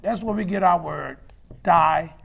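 A man preaching and teaching scripture, emphatic, rising to shouts and spelling out words. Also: sits high, normal speed, vocal fry. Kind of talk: sermon-style Bible teaching.

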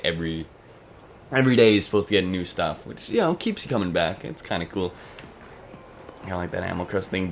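Chatty young man, low and lively voice. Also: slight background noise. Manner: chatty, rambling, self-mocking. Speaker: gaming channel host. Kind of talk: casual let's-play commentary.

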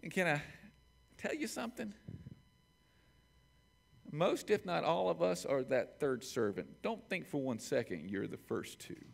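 A man's voice: fairly high pitch, sing-song, measured pace, gravelly, long pauses. A male pastor preaching a sermon emphatically, with building repetitions.

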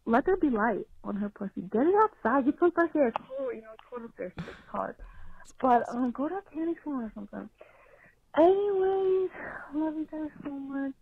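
Excitable woman on a tinny phone line. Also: sits high, moderate pace. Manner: profane, excitable storytelling. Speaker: caller. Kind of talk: rambling phone-in story.

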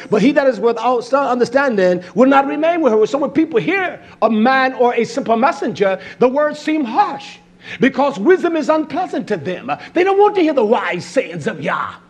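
Man, preacher, high husky voice, fiery sermon, swings between quiet and loud. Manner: preaching with rising and falling intensity, frequent "hallelujah".

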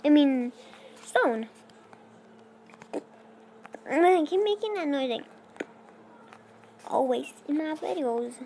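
A woman's voice: high-pitched, animated, takes it slowly, long pauses, mellow, a little hiss or hum, poor audio. A young girl chatting casually to viewers as she plays a block-building game, rambling and talking to herself. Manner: rambling, self-talking while playing, non-native phrasing. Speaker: let's play creator. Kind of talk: casual gameplay commentary.

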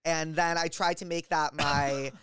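A man's voice: a little high, a little slow, clear, resonant tone, no echo, clean studio sound, soft background music. A young man hosting a podcast, telling a story in rambling casual chat full of "like". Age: young adult. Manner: rambling, animated, heavy use of filler "like". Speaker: podcast host.

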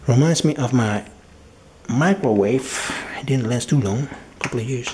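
A man's voice: mid-range voice, normal speed, mellow. A man giving a casual, rambling unboxing commentary, muttering to himself and swearing freely. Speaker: tech vlogger.

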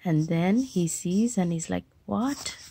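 A woman reading a picture book aloud to children, gently explaining the pictures as she goes. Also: mid-range voice, slow, gravelly, noisy background. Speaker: storyteller.

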